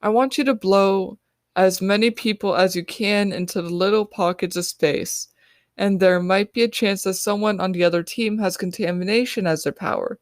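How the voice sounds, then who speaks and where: A woman voicing a young female team leader who gives quick, quiet orders. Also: medium pitch, no room sound, clean studio sound, close to an everyday voice. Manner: hushed, hurried orders.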